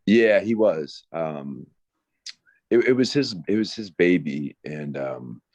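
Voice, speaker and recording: A man with an extremely deep, low voice answers interview questions. He speaks haltingly, with frequent ums and restarts. The sound is dry and close, with no room echo. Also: expressive, darkish tone, lo-fi sound. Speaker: wrestler guest.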